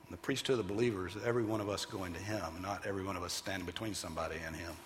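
A man preaching a sermon as pastor, animated and emphatic, sometimes putting on loud voices for the people he quotes. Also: sits low, rapid-fire, in a large hall, slight background noise.

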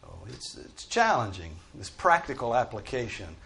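A man's voice: medium pitch, very animated, normal speed, a bit bright. A man teaching a Bible study group in a conversational, emphatic way, often restarting his sentences.

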